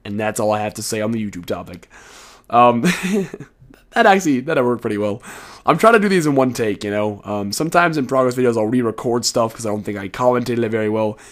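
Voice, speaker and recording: A man's voice: mid-range voice, animated, brisk. Rambling teenage guy, late-night commentary. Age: teens. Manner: rambling, frank, swears casually. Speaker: video creator. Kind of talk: casual solo commentary.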